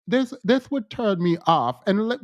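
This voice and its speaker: A man's voice: high voice, expressive, measured pace, dry recording. Exasperated man ranting into a dry mic. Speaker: commentary host. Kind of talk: casual online commentary.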